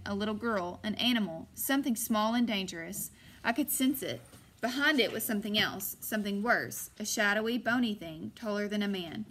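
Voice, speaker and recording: A woman narrating a first-person audiobook in a measured way, slowing on suspenseful moments. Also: medium pitch, fairly bright tone.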